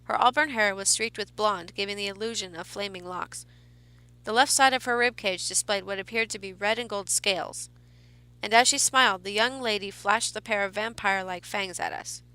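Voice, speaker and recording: A woman reads a horror story aloud at a steady, measured pace, now and then restarting a phrase. Her voice is bright and forward. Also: medium pitch. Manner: measured reading with small restarts. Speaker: narrator.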